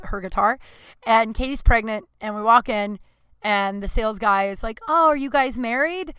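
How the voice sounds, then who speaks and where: A woman in her thirties hosts a solo podcast from a small closet at home, telling stories in a rambling, chatty monologue packed with fillers and self-aware laughs. Her mid-range voice is fairly bright, with no room sound.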